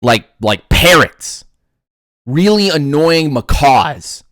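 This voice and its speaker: A man's voice: medium pitch, moderate pace, clear, resonant tone, no echo, clean studio sound. A man hosting a casual sports talk show, ranting with lots of restarts. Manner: animated ranting, frequent restarts. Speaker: podcast host.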